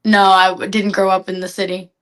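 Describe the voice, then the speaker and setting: A woman's voice: mid-range voice, flat delivery, brisk. A woman from New York State, an easygoing podcast guest who laughs along in casual chat.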